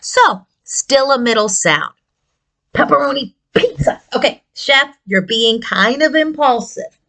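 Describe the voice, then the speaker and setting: High-pitched and very animated, this speech therapist takes her time as she runs a puppet lesson on speech sounds for kids. Her delivery is encouraging, sing-song and exaggerated, and her tone sounds pushed and bright.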